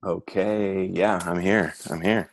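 Deep-voiced man guest on a video call. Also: fairly even intonation, vocal fry. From Arizona. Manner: halting, holding back emotion. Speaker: guest, real estate agent. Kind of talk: casual chat over video call.

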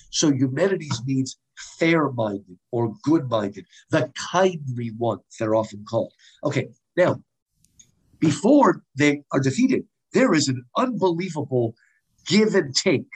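An American man, a guest lecturer on Greek drama, explains the subject casually and animatedly, digressing and restarting often. His voice is medium-pitched, husky, and a little slow, captured on a low-quality recording.

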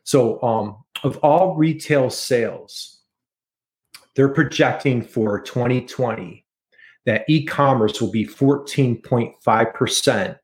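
An enthusiastic middle-aged American man talking as a guest on a podcast. His voice sits at an ordinary pitch, and he stresses his points by repeating them. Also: takes it slowly. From United States. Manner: enthusiastic, repeats key figures for emphasis. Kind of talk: casual interview chat.

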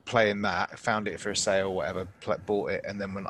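A man's voice: sits low, steady tone, fairly quick, fairly bright tone, slight background noise. A British man co-hosting a casual gaming podcast, joking and teasing the others. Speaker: podcast co-host.

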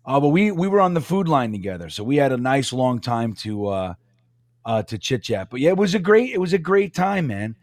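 A man co-hosting a casual podcast, rambling through stories and acting out quotes loudly. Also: mid-range voice, very animated, fairly quick, no room sound, clean studio sound. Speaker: podcast co-host.

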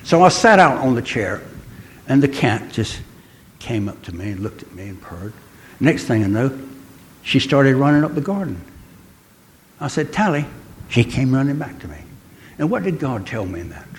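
An older man delivers a sermon with earnest conviction. He pauses often and stretches out the words he wants to land. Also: mid-range voice, very animated, a little hiss or hum. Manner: earnest, pausing, slows for emphasis. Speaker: preacher.

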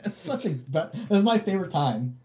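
A man's voice: high-pitched, sing-song, a little fast, darkish tone. A man in casual chat, a laid-back storyteller who says "dude" a lot.

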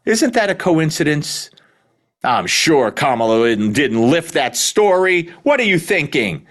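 A man's voice: fairly high pitch, very animated, a little slow, fairly bright tone. A man hosting a talk radio show, delivering an opinionated monologue in a sarcastic, incredulous, exclamatory manner.

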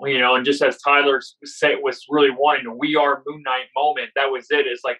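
A man co-hosting a casual chat, working through his ideas step by step. His voice has a bright, forceful edge at a middle pitch. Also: little pitch movement, fairly quick, low-quality recording. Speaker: podcast co-host.

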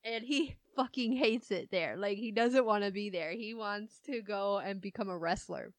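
A woman's voice: mid-range voice, moderate pace, no room sound. A woman co-hosting a casual movie-review chat, retelling plots in a giggly, rambling way full of "like". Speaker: podcast co-host.

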